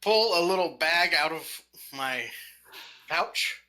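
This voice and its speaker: A man playing in a tabletop role-play, calmly and plainly describing what his character does. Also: on the high side, slow. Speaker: player.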